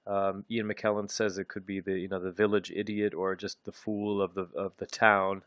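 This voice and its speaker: A low-voiced man works through a literature lecture, thinking aloud as he goes. He pauses often with ums and doubles back on his phrases. The sound is dry and close, with no room around it. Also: level tone, a bit bright, no echo. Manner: thoughtful, halting, with frequent ums and restarts. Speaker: literature teacher.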